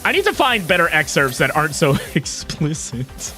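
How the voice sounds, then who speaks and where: A man's voice: fairly high pitch, very animated, moderate pace, bright, forceful tone, faint music behind. A young man streaming a game from home on a desk mic, chatting casually in a giggly, profane, self-mocking way. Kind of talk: casual live-stream chat while gaming.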